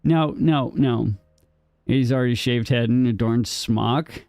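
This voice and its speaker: A man's voice: medium pitch, slow, darkish tone, no echo, studio quality. A man streaming a game live, joking playfully with his chat, answering viewers by name and laughing often.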